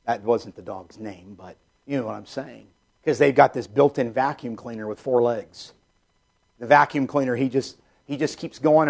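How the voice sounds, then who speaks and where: A man preaches a sermon earnestly and repetitively, his voice dropping soft and low whenever he speaks a prayer.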